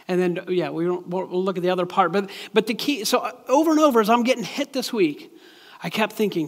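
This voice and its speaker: Man, pastor, sermon, high-pitched, chatty, repeats himself, long hall reverb. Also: brisk. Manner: conversational, restarts and repeats words, chuckles at his own jokes.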